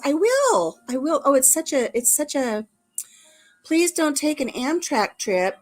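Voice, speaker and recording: A woman's voice: sits high, big pitch swings, measured pace. Chatty woman hosting a live stream. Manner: chatty, playful, rambling with laughs. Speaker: livestream host. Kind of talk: casual chat.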